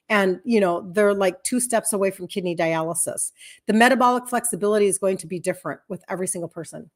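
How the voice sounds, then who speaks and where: A woman in her fifties, a health coach talking casually to viewers on a live stream, chatty and rambling, acting out what people said. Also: mid-range voice. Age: 50s. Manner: chatty and rambling, acts out quoted speech.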